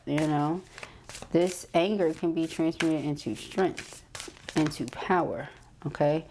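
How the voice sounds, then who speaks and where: A woman giving a tarot card reading, reading card messages aloud and explaining them, ending many phrases with a quick "okay?". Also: sits low, mellow, slight background noise. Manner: reads card messages aloud then interprets. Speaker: tarot reader.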